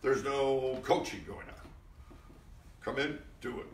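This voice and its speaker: A man's voice: medium pitch, takes it slowly, a little hiss or hum. A man, a guest actor, telling anecdotes at a live interview event. He talks loosely, with frequent restarts and swearing, and acts out the people he quotes. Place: live event in front of an audience. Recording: echoey room, mic at a distance.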